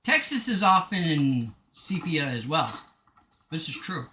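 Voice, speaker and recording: A man talks his way through a game on a live stream. His voice is bright and forceful, and it swings up and down a lot as he rambles and pokes fun at himself. The room is echoey, with game music running behind him. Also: on the high side, big pitch swings, measured pace. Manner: rambling, joking and self-mocking. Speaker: gaming streamer. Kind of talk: casual live-stream chat while playing.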